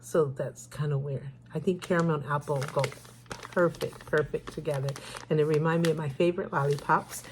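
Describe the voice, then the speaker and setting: A woman's voice: low-pitched, fairly even intonation, brisk, noisy background. Chatty older woman rambling through a haul. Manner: rambling, chatty, self-correcting. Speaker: haul vlogger. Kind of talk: casual haul vlog chat.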